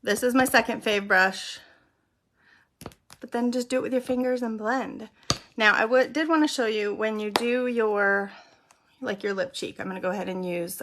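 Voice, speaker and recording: A woman's voice: medium pitch, a bit bright, slight background noise. A middle-aged woman hosting a makeup tutorial, explaining each step in a casual, chatty way as she applies it. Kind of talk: casual how-to demonstration.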